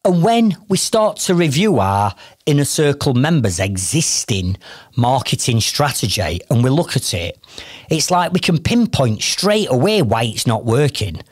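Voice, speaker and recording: Blunt, lively man coaching. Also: medium pitch, unhurried, slightly rough, dry recording, studio quality. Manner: blunt, exasperated, rhetorical. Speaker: business coach. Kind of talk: motivational podcast talk.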